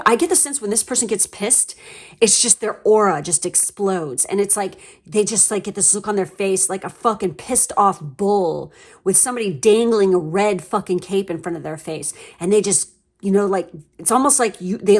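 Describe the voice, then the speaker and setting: A woman giving a casual pick-a-card tarot reading, chatty and frank, swearing freely and laughing often. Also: medium pitch. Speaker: tarot reader.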